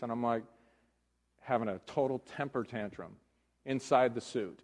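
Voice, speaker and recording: A male pastor giving a conversational sermon, moving between hushed talk and loud emphasis. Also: medium pitch, moderate pace, big-room sound.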